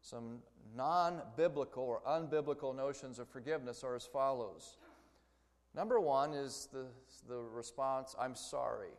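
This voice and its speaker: A man's voice: medium pitch, a little slow, long reverb tail. A man giving a Bible lecture in a conversational way, explaining his points through everyday story examples. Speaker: Bible teacher. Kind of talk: church lecture.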